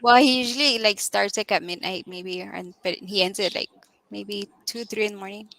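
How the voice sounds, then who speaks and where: Woman, bright voice, animated storyteller, lots of "like" and "right?", casual chat. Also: medium pitch, moderate pace, creaky, no echo, rough recording. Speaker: guest co-host.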